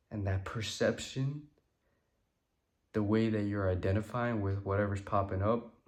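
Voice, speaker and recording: A man's voice: on the low side, a little mellow. A tired, yawning man giving a loose, rambling spiritual talk that keeps asking "right?". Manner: loose and rambling, repeats "right?", slows down for emphasis. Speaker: creator talking about manifestation. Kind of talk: casual spiritual talk to camera.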